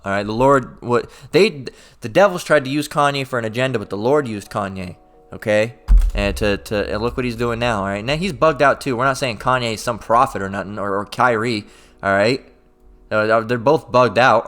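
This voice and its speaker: A man preaching and reading scripture in a forceful, profane style, constantly tagging his points with a questioning "all right?" and stumbling over repeated words. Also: mid-range voice.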